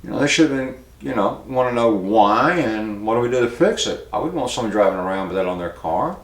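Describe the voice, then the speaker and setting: A man hosting a local news commentary show, talking in a plainspoken, halting way and cueing a producer to put up pictures. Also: medium pitch, expressive, roomy sound. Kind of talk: casual spoken commentary.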